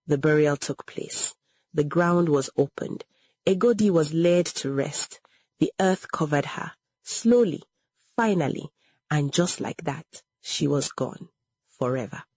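A woman narrating a scripted story in a dramatic, measured way. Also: low voice, a little mellow, husky, no room sound, clean studio sound.

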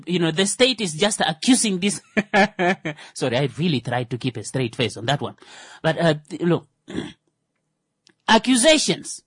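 A man's voice: high voice, a bit bright, no room sound. A man, hosting a radio show and giving satirical news commentary with sarcastic, mock-indignant asides and stumbling restarts. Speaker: radio host.

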